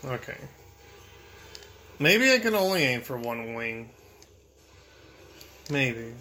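A man's voice: mid-range voice, very animated, takes it slowly, bright, forceful tone. Frustrated young man swearing at a game. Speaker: gamer. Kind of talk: gameplay commentary.

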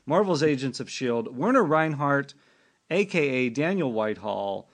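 A man's voice: mid-range voice, big pitch swings, moderate pace. A man hosting an interview podcast, talking as an eager, enthusiastic fan. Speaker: podcast host. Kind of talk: casual interview chat.

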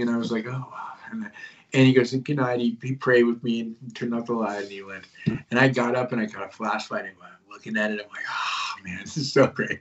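A man's voice: medium pitch, highs cut off. A man telling stories as a guest in a casual interview, rambling and conspiratorial, with many fillers. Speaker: guest, host of his own show.

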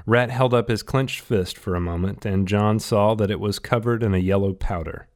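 A man reading a novel aloud in steady, scripted audiobook narration. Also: on the low side, normal speed.

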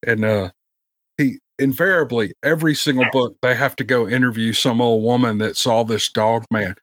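A man's voice: medium pitch, moderate pace, fairly bright tone, no echo. Man, Memphis accent, rambling chatty podcast guest, dry close home mic. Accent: Memphis Southern. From Memphis, Tennessee. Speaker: guest, audiobook narrator. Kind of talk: casual podcast chat. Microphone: home microphone.

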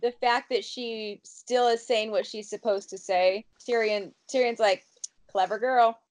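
A woman chatting casually, filling in details with a quick laugh here and there. Her voice sits a little high. She talks the way people talk on a relaxed podcast. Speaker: podcast co-host. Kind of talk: casual chat.

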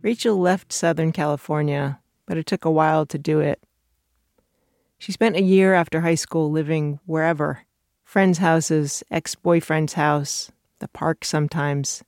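A woman host narrating a scripted documentary story in a measured, even way. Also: deep voice, no room sound, studio quality. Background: guitar music.

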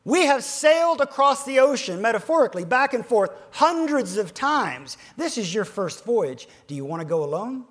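A man giving a motivational keynote speech to financial advisors, swinging between loud emphasis and hushed near-whispers and slowing down to stress key phrases. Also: very high voice, sing-song.

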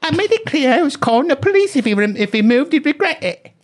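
A man doing an overdone mock British woman's voice that drifts between accents, loud and high above his usual tone. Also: very animated, fast. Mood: indignant.

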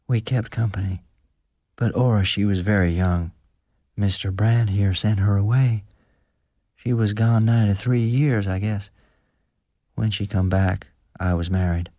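A man voicing a gaunt, haunted rural man who speaks slowly and haltingly in rustic speech, read as an audiobook character. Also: fairly low pitch, steady tone, mellow, dry recording, clean studio sound. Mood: grim.

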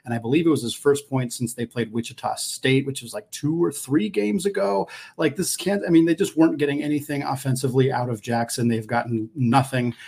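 A man's voice: medium pitch, brisk, creaky, few pauses, darkish tone, breathy edge. A man co-hosting a sports podcast, casually analyzing college basketball in a conversational, thinking-aloud way. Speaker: podcast co-host.

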